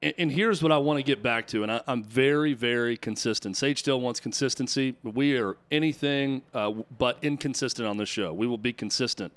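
A man's voice: mid-range voice, fairly quick, hardly any pauses, a bit bright. A man co-hosting a sports talk radio show, arguing his point with emphatic, repeated rhetorical questions. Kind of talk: opinionated talk radio commentary.

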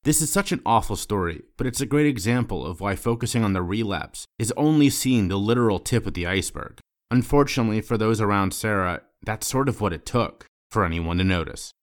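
A man narrates a podcast from a script, measured and earnest. His voice sits a bit low for a man. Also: animated. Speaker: podcast host.

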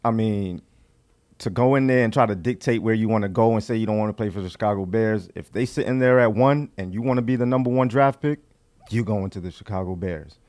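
A man's voice: fairly low pitch, a little fast, a little mellow. A man co-hosting a sports podcast, talking casually and agreeing easily. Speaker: podcast co-host.

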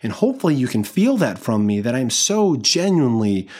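A man's voice: medium pitch, very animated, a little fast, a little mellow, slightly rough. A man hosting a self-help podcast, talking straight to his listeners in an earnest, encouraging way and sometimes speaking as if coaching himself aloud. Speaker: podcast host.

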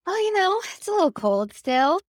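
A woman's voice: extremely high pitch, very animated, normal speed, dry recording, studio quality. A woman from Canada, a founder guest on a podcast, answering in a friendly, open way. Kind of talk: interview answer.

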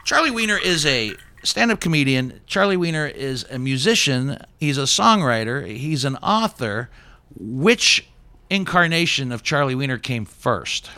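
Host guy, bright sharp voice, joking around, easy interview chat. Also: medium pitch, very animated, a little slow. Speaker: podcast host.

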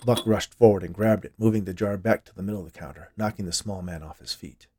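Brief: male podcast storyteller, lower voice, expressive scripted narration. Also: fast talker, background noise.

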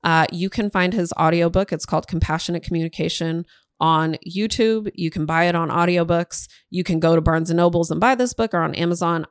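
Earnest woman teacher explaining calmly. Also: lowish voice, no room sound, studio quality. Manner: earnest, explanatory, acts out example dialogue. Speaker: teacher and parent. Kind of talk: recorded lesson for parents.

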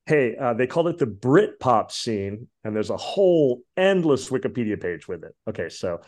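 A man's voice: mid-range voice, sing-song, normal speed, a little mellow. A man hosting a podcast, chatting casually about music in a rambling way with lots of fillers. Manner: rambling, many fillers and asides. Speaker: podcast host.

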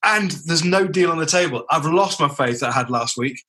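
A man's voice: on the high side, animated, brisk, sharp tone. A man chatting as a guest on a football podcast, gloomy and fretting, tripping over his words. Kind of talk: casual football podcast chat.

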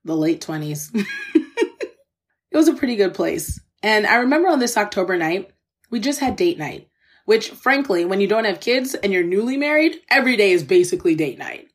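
Talking fairly quickly, this woman's medium-pitched voice swings widely in pitch. As a podcast host she tells her listeners a personal story in a candid, earnest, faith-filled way, chatting directly to them and openly touched by what she remembers.

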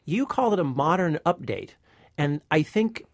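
Male film critic co-host, slightly high voice, dry close studio sound, jokey casual delivery. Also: very animated, moderate pace, dry recording. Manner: chatty, joking, laughs often. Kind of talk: casual podcast chat.

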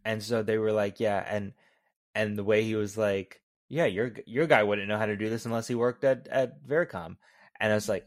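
A man's voice: on the low side, steady tone, a little fast. A man co-hosting a film review podcast, talking loosely and casually with some swearing. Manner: loose, profane, conversational. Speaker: podcast co-host.

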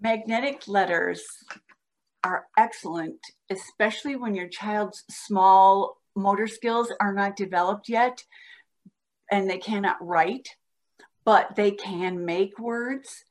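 A woman guest on a podcast, patiently explaining how to teach a child to read, sounding out words slowly as she demonstrates. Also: medium pitch. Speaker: guest reading educator. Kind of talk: instructional podcast talk.

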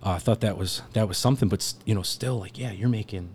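A man's voice: lowish voice, fast, creaky, a little mellow, a little hiss or hum. A man telling a long casual story as a podcast guest, rambling through filler words and laughing now and then. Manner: laughs while telling stories.

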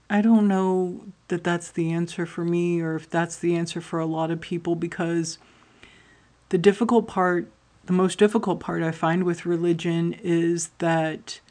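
A woman's voice: on the low side, a little mellow. A woman talking to her audience in a rambling, candid personal monologue, swearing often as she tells stories about her life. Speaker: podcast host.

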